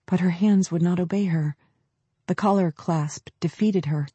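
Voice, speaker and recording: A man narrating an audiobook in a measured, descriptive storytelling manner. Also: high-pitched, warm tone, breathy edge, no room sound. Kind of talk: scripted narration.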